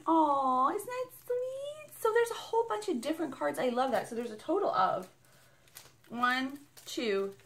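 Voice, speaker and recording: A woman's voice: on the high side, pushed and bright. A woman vlogging an unboxing in a casual, bubbly and rambling way, gushing over each item. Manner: bubbly and gushing, squealing with delight; rambling and chatty.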